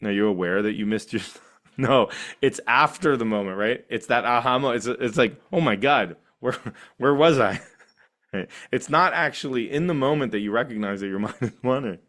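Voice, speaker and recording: A middle-aged man teaching a meditation class, animated and laughing often, with playful asides. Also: medium pitch, fairly quick.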